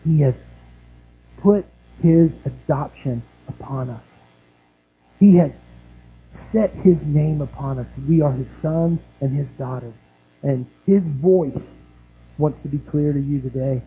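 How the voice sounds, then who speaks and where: A man's voice: fairly high pitch, slow, pauses often. A man preaching a sermon earnestly, often asking the listeners questions. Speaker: pastor. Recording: tinny phone-like band.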